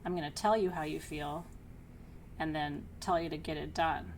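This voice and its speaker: A middle-aged woman teaching a class, energetic and outgoing, who laughs often and keeps checking in with her listeners. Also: sits low, moderate pace, slight background noise. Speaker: spiritual teacher leading an online class. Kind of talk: teaching a live class to students.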